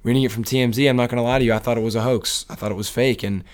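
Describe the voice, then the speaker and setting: A man's voice: mid-range voice, steady tone, very fast. Emotional man rambling about sports. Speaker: sports podcast co-host. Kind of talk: casual sports talk.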